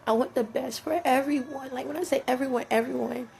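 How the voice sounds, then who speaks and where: Teary woman talking faith, slight fry. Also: high voice, steady tone, darkish tone, slight background noise. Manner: tearful, earnest, faith-filled, halting with restarts. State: teary, sniffly. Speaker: vlogger. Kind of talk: emotional personal talk to camera.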